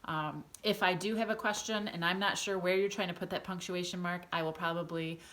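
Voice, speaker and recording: A woman's voice: fairly low pitch, steady tone, brisk, fairly bright tone. A woman teacher giving a remote video lesson to her students, reassuring them and checking in with a frequent "okay?". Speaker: elementary school teacher.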